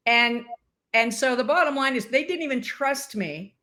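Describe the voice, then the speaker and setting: A woman's voice: fairly high pitch, moderate pace. An older woman, a former sportscaster and umpire, telling stories in a casual interview and acting out the dialogue. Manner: animated storyteller acting out quoted dialogue.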